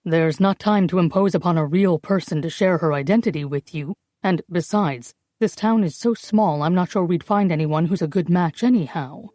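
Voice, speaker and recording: A woman voicing a brisk, clever male forger who talks down to people in a dry, condescending way. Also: on the low side, mellow, no room sound, lightly acted.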